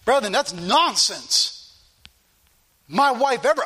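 A man's voice: extremely high pitch, moderate pace, sharp tone. A middle-aged man preaching a fervent sermon in a church, his delivery rising and falling with passion.

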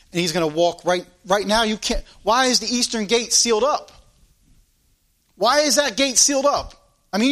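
A man preaching a sermon, reading scripture slowly and with emphasis, then talking fervently in a conversational way. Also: high-pitched, pushed and bright.

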